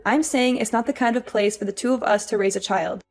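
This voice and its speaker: An actress playing an exhausted young working wife, weary and pleading. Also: female voice, fairly high pitch, brisk, faint music behind, natural voice. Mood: upset. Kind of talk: audio drama acting.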